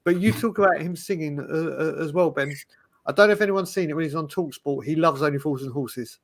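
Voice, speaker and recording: A man in casual chat, telling animated stories with frequent restarts. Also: fairly high pitch, fairly quick. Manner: animated, storytelling, restarts often. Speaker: podcast panelist.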